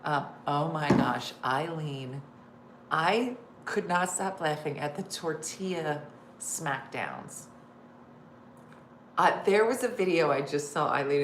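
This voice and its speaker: Middle-aged woman hosting a live chat, chatty and giggly, slightly low pitch, roomy echo. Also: a bit bright, a little hiss or hum. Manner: chatty, laughing, reads viewer comments aloud. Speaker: host. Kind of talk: casual live-stream chat.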